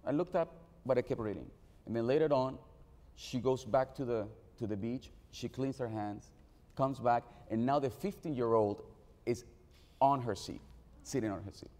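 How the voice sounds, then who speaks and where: A man with a mellow, relaxed tone tells a story to a panel audience. His words come haltingly, full of repeated starts. A long hall reverb trails behind him. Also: mid-range voice. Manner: halting, with many repeated restarts. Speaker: panel speaker. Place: event venue on stage.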